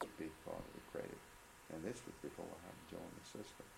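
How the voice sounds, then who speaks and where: Deep gravelly older man reminiscing. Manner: reminiscing, anecdotal, measured with restarts. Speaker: interviewee, retired central bank economist. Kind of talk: oral history interview. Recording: echoey room with background noise.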